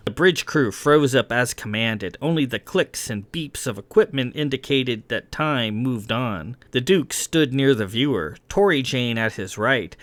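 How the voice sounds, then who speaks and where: A man's voice: mid-range voice, lively intonation, measured pace, hardly any pauses, a bit bright, no room sound. Man narrating a sci-fi audiobook, dry. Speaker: author and reader.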